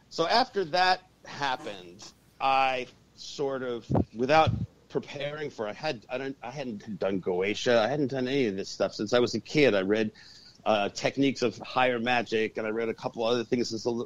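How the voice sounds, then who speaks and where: An animated man telling a story in a podcast interview, cursing freely as he goes. His voice sits at a middle pitch. The audio is dull and lo-fi. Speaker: guest, urban shaman and exorcist.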